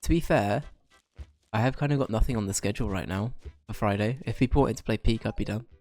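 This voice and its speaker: A man's voice: lowish voice, quick pace, darkish tone. A man streaming a game and chatting with viewers, a bit bunged up from being slightly ill, rambling and addressing chat by name.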